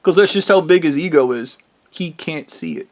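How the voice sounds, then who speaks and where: Casting note: a man ranting alone to camera, angry and swearing, slightly higher pitch. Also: lively intonation, moderate pace, a little mellow. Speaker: vlogger.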